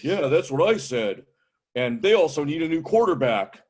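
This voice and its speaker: Deaf old veterans, gruff and loud, barking lines that have nothing to do with each other, as a man puts them on in a stand-up bit. The voices sit high and swing widely, with a husky edge. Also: very animated, normal speed. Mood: grumbling. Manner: loud, rambling non sequiturs. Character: deaf elderly male war veterans, gruff.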